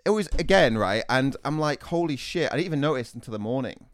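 A young man telling a story in casual podcast chat, animated and swearing freely. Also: medium pitch, no room sound. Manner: animated, swearing, quick retorts. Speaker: podcast host.

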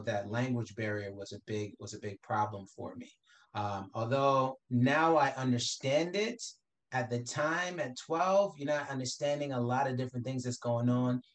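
A man from the Caribbean, a guest talking about his background in a casual interview, loose and full of "you know" fillers. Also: medium pitch. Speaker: guest, entrepreneur.

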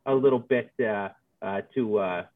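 A man's voice: lowish voice, normal speed, dry recording, pitched below the performer's own voice, lightly acted. A man voicing a folksy male mountain hermit who makes hooch, with a drawling frontier way of talking. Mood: hearty. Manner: drawling frontier talk, rough grammar. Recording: tinny phone-like call line.

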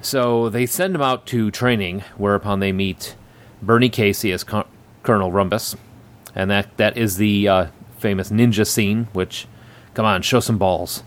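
A man's voice: on the low side, fairly even intonation, normal speed. A man hosting a casual chat, recapping a film with many ums and frequent laughter.

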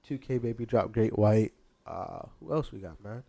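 A man's voice: fairly low pitch, normal speed, gravelly, mellow. A man hosting a casual chat, running through new music releases in laid-back slang.

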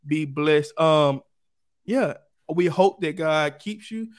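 A man's voice: fairly high pitch, slow pace. A young man, co-hosting a podcast and telling stories in a playful, slangy way with lots of laughter. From Mississippi, USA. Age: 20s. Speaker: podcast co-host. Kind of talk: casual chat.

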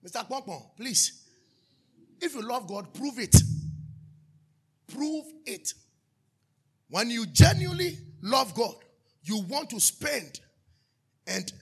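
In a sermon, a pastor with a high, gravelly, husky-edged voice shifts between bursts of shouting and hushed asides. His tone stays bright and sharp the whole way through.

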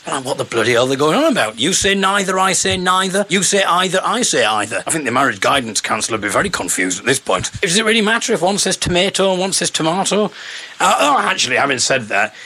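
Bright, rambling male podcast host. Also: medium pitch. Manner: rambling, self-amused, jokey. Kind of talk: casual solo chat.

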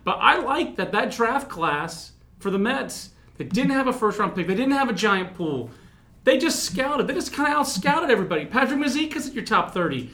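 High-voiced man talking baseball prospects. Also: normal speed. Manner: animated, rambling, self-mocking. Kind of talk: casual podcast chat.

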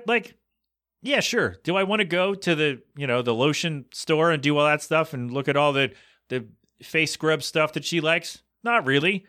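A man chats casually on a podcast, spinning a long anecdote with lots of asides. His voice is slightly high and very bright. He keeps slipping into quick impressions of the people in his story. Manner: rambling, animated anecdote with acted quotes. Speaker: podcast co-host.

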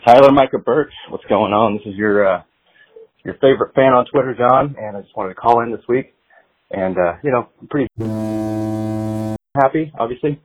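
Male caller, slightly winded, excited rambling fan, husky voice over a phone line. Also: mid-range voice, moderate pace, pauses often. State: a little out of breath.

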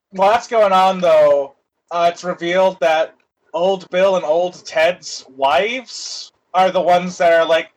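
A man's voice: on the high side, rough recording. A man in casual chat, retelling a movie plot in a rambling, loose way and swearing freely.

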